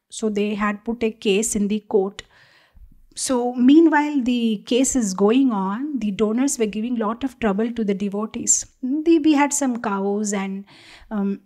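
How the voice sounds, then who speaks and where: A woman's voice: mid-range voice, a little mellow. A woman giving a devotional talk, telling a story with animation and acting out the people in it. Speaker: devotional speaker.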